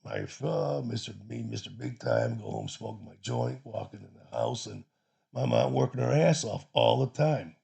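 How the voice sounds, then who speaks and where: A man's voice: medium pitch, very animated, normal speed, creaky, mellow, husky. A man from Chicago casually telling a personal story, rambling and profane with many restarts. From Chicago, USA.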